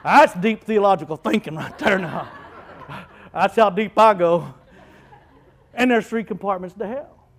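A male pastor preaching a lively sermon, rising to shouts as he quotes scripture. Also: high voice, a little slow, pauses often, low-quality recording.

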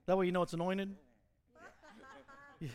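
A middle-aged male pastor preaching an animated sermon in a church, mimicking fiery preachers and laughing at his own jokes. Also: sits high, normal speed.

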